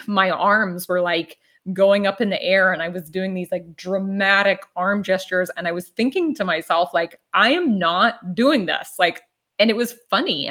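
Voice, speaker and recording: A woman's voice: mid-range voice, a bit bright. A woman telling a personal story in a casual, reflective way, with many filler "like"s.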